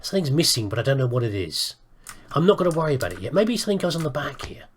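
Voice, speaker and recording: A man's voice: medium pitch, very animated, racing, slight background noise. A man giving casual let's-play commentary, rambling and thinking aloud with self-mocking asides. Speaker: gaming video host.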